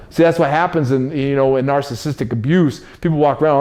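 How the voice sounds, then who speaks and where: A man's voice: mid-range voice, fast talker, few pauses, a little mellow. A man hosting a casual spoken monologue, preachy and repetitive, talking in street slang. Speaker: host.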